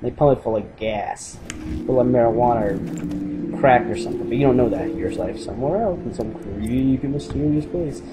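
A man's voice: medium pitch, animated, normal speed, very noisy. A young man giving casual, joking let's-play commentary, rambling and sarcastic. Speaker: gamer commentating a playthrough.

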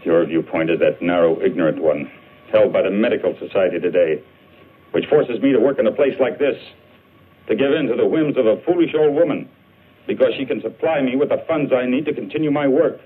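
A man's voice: fairly low pitch, brisk, natural voice. A man playing an arrogant, lecturing scientist. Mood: scornful. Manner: cold, lecturing. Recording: tinny old film soundtrack with faint hiss.

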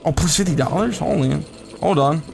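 A young man streaming a game live, chatting excitably with viewers and swearing often. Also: on the high side, moderate pace, gravelly, over music. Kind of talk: live gameplay commentary.

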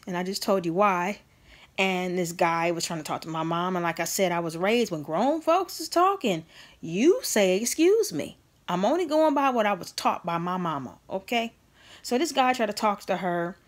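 A woman speaks to her viewers in a mid-range voice, open and earnest. She tells a personal story with emphasis, addressing the audience directly. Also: medium pitch. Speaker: vlogger. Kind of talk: candid personal storytelling to camera.

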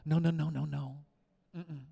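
A middle-aged male pastor preaching a sermon, swinging from quiet asides to loud, emphatic repetition. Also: a little high, flat delivery, measured pace, creaky, husky.

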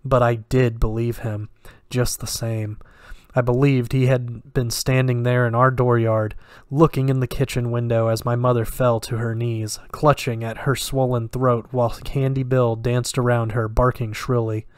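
A man narrating a horror story in a steady, measured read. His pitch sits in the middle and barely moves, giving a flat, even line. The voice is recorded dry and close, with no room sound. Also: clean tone, dry recording. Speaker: reader.

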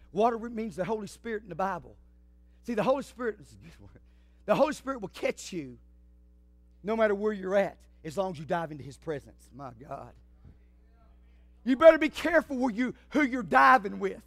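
A man preaching a fiery sermon, swinging from shouts to hushed asides. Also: very high voice, no echo. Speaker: pastor.

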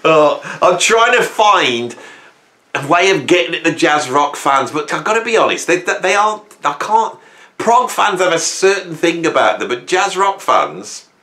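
A middle-aged man hosting a music channel, ranting at his viewers in a theatrical, self-mocking way, swinging from hushed asides to loud bursts. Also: on the high side, big pitch swings, a little slow. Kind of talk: casual mock-rant to camera. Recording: echoey room.

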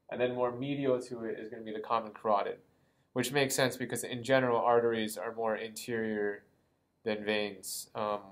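A man's voice: on the low side, low-quality recording. A man giving an anatomy lesson, explaining as he draws, with frequent ums and small self-corrections. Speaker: anatomy lecturer. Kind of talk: drawing-board anatomy lesson.

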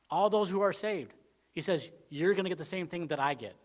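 A man with a high-pitched voice and a fast way of talking preaches a Wednesday sermon as a pastor in church. His delivery rambles conversationally with many "you know" fillers, swinging from emphatic to quietly aside.

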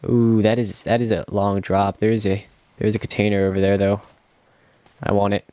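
Brisk and flat in delivery, a young man with a lowish, mellow voice provides casual let's-play commentary. The recording is clean with no echo, and he chats to himself while playing, cracking self-mocking jokes.

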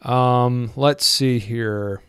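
A man teaching from the Bible in an earnest way, reading scripture aloud with pauses and fillers. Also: medium pitch, steady tone, smooth, dry recording, studio quality.

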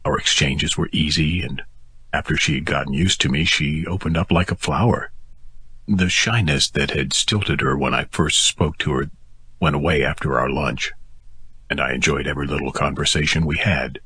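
A man narrates a first-person audiobook steadily and intimately at a normal speed. His voice is very deep and notably husky, with a bright, forceful edge, recorded dry on a close mic without any echo.

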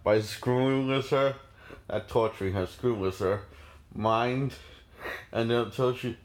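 A man's voice: mid-range voice, a little slow. A man casually reviewing a horror film, rambling with many restarts and frequent laughs.

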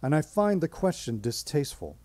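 A man's voice: a little high, big pitch swings, a little fast, mellow, no echo, pitched above the performer's own voice. A man doing a terse, grieving elderly husband. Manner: terse, clipped.

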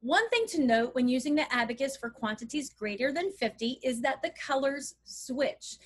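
A middle-aged woman with a fairly high voice explains math lessons to parents. She speaks clearly and encouragingly, walking through each step as she shows things on an abacus. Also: animated, moderate pace, a little hiss or hum. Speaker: math curriculum instructor. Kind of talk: instructional walkthrough for parents.

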